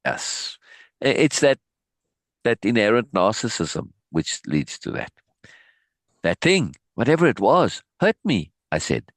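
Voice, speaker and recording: A man teaching, reading a book passage aloud and breaking off with animated, laughing asides and restarts. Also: fairly low pitch, measured pace, dry recording.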